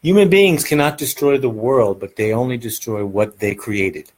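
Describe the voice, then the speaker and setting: Husky-voiced man teaching meditation. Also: mid-range voice, normal speed, darkish tone, poor audio. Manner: rambling, earnest, keeps asking "right?". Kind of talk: casual spoken lesson.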